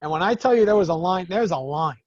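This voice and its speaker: Male business coach, higher voice, lively storyteller who acts out exchanges, close and dry sound. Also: quick pace, no room sound, lo-fi sound. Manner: animated storytelling, acts out the other people in his stories. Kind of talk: talking to a group of business owners.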